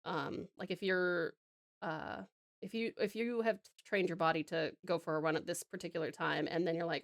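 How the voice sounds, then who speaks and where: A woman's voice: fairly low pitch, a little slow, pauses often, dry recording, studio quality. Giggly woman chatting with viewers. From Tasmania, Australia. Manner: giggly, rambling, lots of fillers. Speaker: streamer. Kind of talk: casual chat with viewers while drawing.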